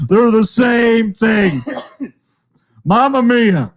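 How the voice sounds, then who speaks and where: A loud infomercial pitchman with a mock Italian accent, as a man puts him on. The voice is high and shouty and pushes a hard sell. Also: expressive, drawn-out words, full character voice.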